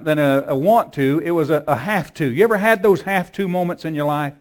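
High-voiced preacher telling a story. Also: male voice, fairly quick, few pauses. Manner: storytelling, repeats words, rises to emphatic peaks. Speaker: pastor. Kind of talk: sermon.

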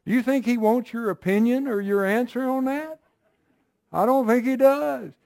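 A man's voice: very high-pitched, normal speed, gravelly, darkish tone, dry recording, studio quality. A man preaching a sermon, reading Bible verses and explaining them in an emphatic, conversational way, often checking with listeners.

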